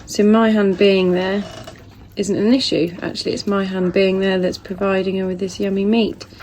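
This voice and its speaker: A woman, a dog trainer, explaining hand feeding while filming on a phone held in her hand and softly praising her puppy. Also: medium pitch, level tone, normal speed, a little hiss or hum. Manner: soft murmured praise to the puppy. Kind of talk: casual instructional talk.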